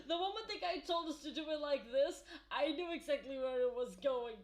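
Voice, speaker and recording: A young woman, streaming a game and chatting to viewers in an excitable, swearing, laughing way. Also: high-pitched, a little fast, few pauses. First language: Portuguese. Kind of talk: live game streaming chat.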